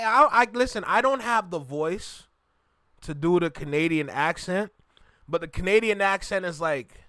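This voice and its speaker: A man from Jamaica with a Jamaican accent, hosting a reaction video and chatting casually to viewers in an animated, repetitive way. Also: high-pitched, moderate pace, clear, resonant tone, dry recording, clean studio sound. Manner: animated, repeats himself, talks to viewers directly.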